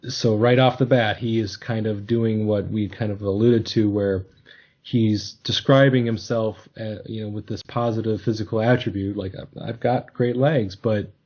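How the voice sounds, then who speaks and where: A man's voice: on the low side, steady tone, normal speed, a little mellow, lo-fi sound. A man hosting a casual podcast discussion, talking thoughtfully and hesitantly with many restarts. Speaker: podcast host.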